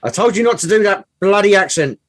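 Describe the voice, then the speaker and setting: A man's voice: high voice, lively intonation, brisk, dry recording. A man co-hosting a casual podcast, making dry sarcastic quips and reading out news. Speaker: podcast co-host. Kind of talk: casual live-stream chat.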